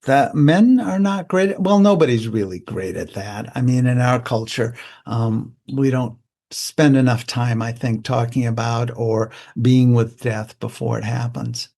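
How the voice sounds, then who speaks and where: Older male psychologist guest, plain-spoken and reflective, mid-pitched voice, unhurried interview talk. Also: creaky, a little mellow. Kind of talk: conversational interview.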